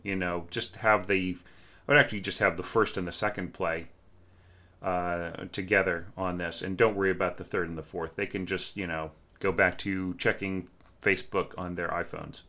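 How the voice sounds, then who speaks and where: A man with a deep voice and a crisp, forward edge, teaching orchestration from home. He talks in a loose, conversational way, full of fillers, and hums passages to show how they should sound. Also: fairly even intonation, moderate pace, sharp tone. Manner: candid and conversational, sings passages, many fillers. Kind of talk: casual score critique. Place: home room with a snoring cat.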